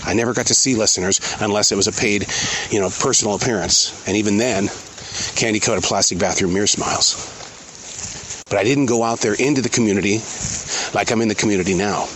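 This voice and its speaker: A man hosting a podcast, speaking his thoughts out loud while outdoors in a forest, earnest and given to pauses and repeats. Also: lowish voice, a little hiss or hum. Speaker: podcast host. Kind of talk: reflective outdoor monologue.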